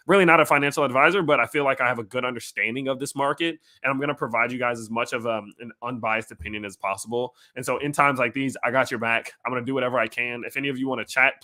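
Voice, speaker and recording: Bright-voiced man with a Louisiana accent. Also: medium pitch. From Louisiana, USA. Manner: loose and filler-heavy, with frequent "um" and "you know", speaking directly to viewers. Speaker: crypto livestream host. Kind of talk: casual livestream talk, reading viewer chat aloud.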